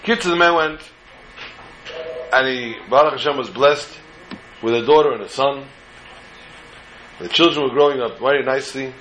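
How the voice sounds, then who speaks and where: A man tells a religious folk tale informally, wandering into asides and jokes. His voice sits at an ordinary middle pitch. A faint background noise is present. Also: normal speed, long pauses, fairly bright tone, poor audio. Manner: informal, digressive, joking asides. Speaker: storyteller. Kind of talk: casual storytelling of a religious tale.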